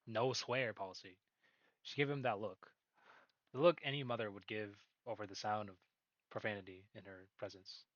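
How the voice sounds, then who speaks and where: A man's voice: fairly low pitch, steady tone, normal speed, fairly bright tone, no room sound. A man reading a story aloud in a casual way, laughing at his own slips. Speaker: reader. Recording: dull dry recording.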